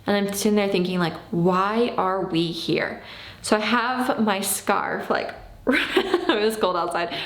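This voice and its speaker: A woman in her thirties telling a personal story in a casual, animated way, acting out what she said back then. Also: on the low side, roomy sound. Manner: animated, acts out her own past lines. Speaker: vlogger.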